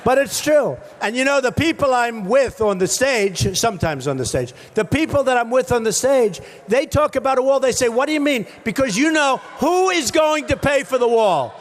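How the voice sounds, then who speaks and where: A man, a political candidate, giving a rambling, repetitive rally speech on a stage microphone in short punchy phrases, often shouting to the crowd. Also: extremely high pitch, animated, normal speed, hardly any pauses. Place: large rally venue with a crowd.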